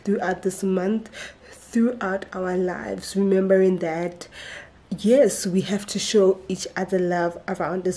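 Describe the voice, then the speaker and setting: A woman's voice: medium pitch, warm tone. A young woman vlogger talking casually and earnestly about faith, chatty and a little giggly. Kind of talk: casual devotional vlog talk.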